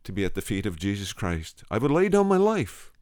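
A man's voice: deep voice, fairly even intonation, fairly quick, no echo, studio quality, close to an everyday voice. A man voicing an earnest young fisherman who pleads with feeling for his family. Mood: fervent. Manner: fervent, pleading.

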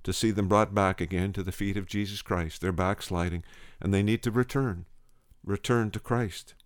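A man's voice: sits low, steady tone, normal speed, clean tone, no echo, clean studio sound, lightly acted. A man voicing an earnest young fisherman who pleads with feeling for his family. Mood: pleading. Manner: fervent, pleading.

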